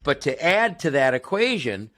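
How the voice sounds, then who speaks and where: A man's voice: a little high, very animated, moderate pace, a bit bright. An American man hosting a casual podcast, talking things through with asides and restarts. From United States. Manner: conversational, explains with asides and restarts. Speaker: podcast host.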